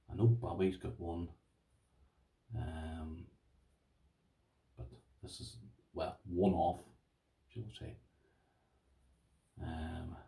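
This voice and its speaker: Gushing over and over and addressing viewers as "boys," a deep-voiced Irish man with a warm, mellow tone chats casually and excitedly through an unboxing on his lockpicking vlog. Sitting a little back from the mic, he sounds somewhat distant.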